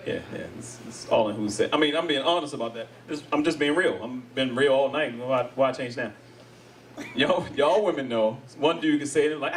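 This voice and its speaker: A man doing live stand-up comedy, acting out quoted voices in an animated way. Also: medium pitch, moderate pace, a little hiss or hum. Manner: animated, acts out quoted voices, laughs along with the crowd. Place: comedy stage before a live audience. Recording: distant mic with loud audience laughter. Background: audience laughing.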